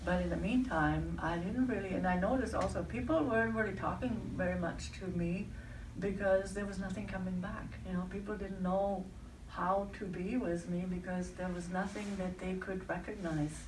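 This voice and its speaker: A woman with a fairly low voice tells a personal story to an audience, thoughtful and feeling for her words. She sounds roomy and some way off the mic, with a faint hum of ambience behind her. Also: steady tone, moderate pace, distant mic.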